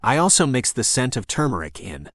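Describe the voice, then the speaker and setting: A man reads a first-person novel aloud as an audiobook narrator, keeping a steady, even storytelling delivery. His voice sits at a middle pitch and is recorded close and dry, with no room sound around it. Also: a little fast, no room sound.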